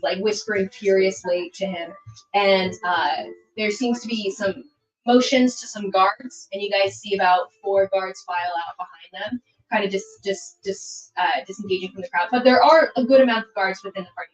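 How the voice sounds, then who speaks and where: A woman's voice: medium pitch, poor audio. A woman narrating as game master of a tabletop game, rambling with many fillers and restarts.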